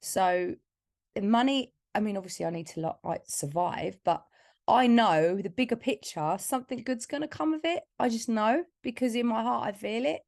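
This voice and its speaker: A woman's voice: a little high, moderate pace, creaky, a little mellow, no echo, clean studio sound. A woman from Essex, England, a singer-songwriter guest talking candidly and from the heart in a casual podcast interview, with lots of "like". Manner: candid, heartfelt storytelling with filler "like".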